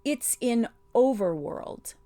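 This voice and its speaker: A woman's voice: mid-range voice, expressive, slow pace, no room sound. Woman reading as a stubborn marsh-wiggle guy, earnest, a little out of breath. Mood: stout. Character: gloomy, stout-hearted male marsh-wiggle.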